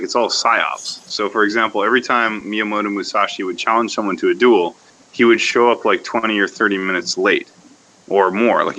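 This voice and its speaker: A man's voice: deep voice, pushed and bright, slight background noise, rough recording. A man hosting a casual podcast discussion, lecturing in a rambling way that thinks aloud, with fillers and restarts. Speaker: podcast host.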